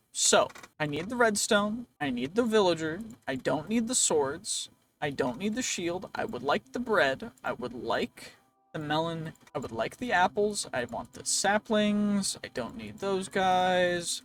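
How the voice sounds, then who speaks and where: A man's voice: high voice, a bit bright. A man giving casual, rambling gameplay commentary, joking and talking to game characters, his voice wearing out. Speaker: gaming video creator.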